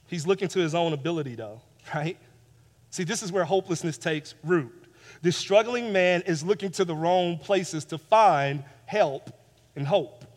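A male pastor preaches with a high voice, driving home repeated phrases. He drops to near-hush, then swells loud again. His clip-on mic sits in a church hall with a long, lingering reverb. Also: normal speed. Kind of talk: sermon. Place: church sanctuary.

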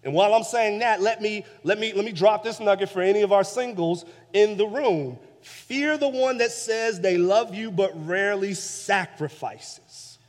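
Emphatic high-voiced preacher in a reverberant church. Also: male voice, moderate pace, hardly any pauses. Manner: emphatic, repeating phrases for weight. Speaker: pastor. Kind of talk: sermon. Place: church sanctuary.

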